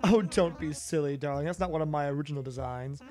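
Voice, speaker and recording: A man's voice: on the high side, a little mellow, soft background music, natural voice. A man putting on a snooty giraffe fashionista. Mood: haughty. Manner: snooty, drawn-out "darling"s, rolled R's. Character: haughty female giraffe fashion designer. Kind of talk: reading game dialogue aloud in a voice.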